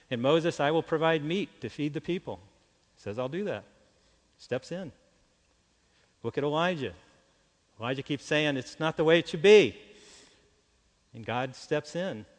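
A man preaching an earnest sermon, dropping to a hushed voice when he speaks God's lines. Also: on the high side. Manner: earnest, shifts to hushed quiet voice when quoting God. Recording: long hall reverb.

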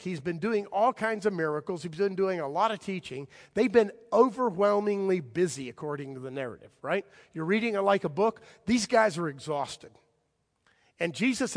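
A man preaching a sermon, telling a story expressively and sometimes dropping to a soft, hushed delivery. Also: on the high side, gravelly, long reverb tail.

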